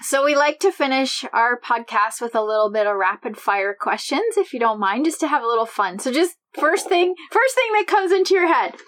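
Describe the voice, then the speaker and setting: A woman co-hosting a podcast, asking quick questions in a cheerful, laughing way. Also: high voice, lively intonation, fairly bright tone. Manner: upbeat, laughs often. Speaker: podcast co-host. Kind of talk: casual interview chat.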